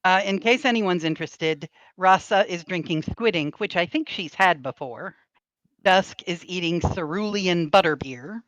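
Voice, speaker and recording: A woman running a tabletop game, narrating scenes slowly and expressively as game master. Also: lowish voice, dry recording, poor audio. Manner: slow, descriptive, expressive narration.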